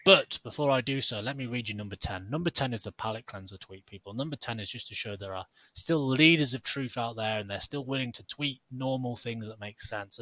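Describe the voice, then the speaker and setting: A man's voice: mid-range voice, sharp tone, no echo. A man co-hosting a casual podcast, joking sarcastically and reading posts aloud. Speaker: podcast co-host.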